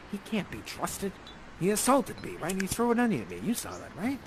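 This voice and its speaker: Playful, animated man leading a drama game. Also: sits high, brisk, music in the background. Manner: playful, theatrical, coaxing. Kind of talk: directing an improvised scene.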